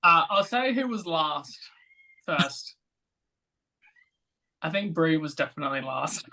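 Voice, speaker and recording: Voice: medium pitch, lively intonation, slow, gravelly, bright, forceful tone, poor audio. A podcast guest from Australia with an Australian accent, teasing the hosts playfully. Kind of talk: casual chat.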